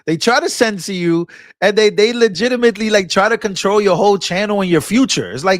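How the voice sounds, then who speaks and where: This channel host talks a little fast in a high voice, giving impassioned, casual political commentary on his vlog with restarts, repeated words, and preachy rebukes. The audio is studio quality with no echo.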